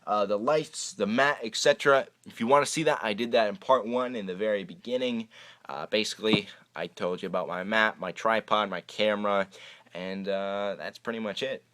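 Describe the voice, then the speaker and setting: A young man hosting his own YouTube magic channel answers viewer questions in a casual Q&A vlog, chatty and rambling with many hesitant restarts. His lowish voice is a bit bright, at normal speed, recorded on a camera microphone.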